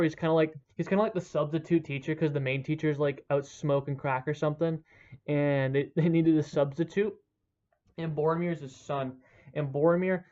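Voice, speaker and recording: Man, slightly high voice, rambling casual monologue, swears a lot, muffled lo-fi sound. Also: darkish tone. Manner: rambling, profane, full of "like" and restarts. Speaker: gaming channel host. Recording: dull lo-fi recording.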